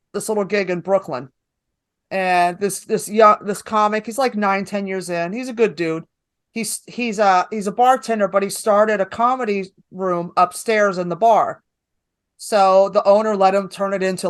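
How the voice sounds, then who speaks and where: A woman comedian with a New York accent telling a story in a casual interview, blunt and profane, voicing her own lines with energy. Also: medium pitch. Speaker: stand-up comedian guest.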